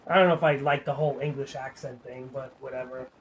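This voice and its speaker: A man's voice: mid-range voice, fairly even intonation, fast talker, dull audio, a little hiss or hum. Rambling, swearing gamer guy. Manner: rambling, swears freely, fills with "like". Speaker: gaming streamer. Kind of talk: casual rambling chat.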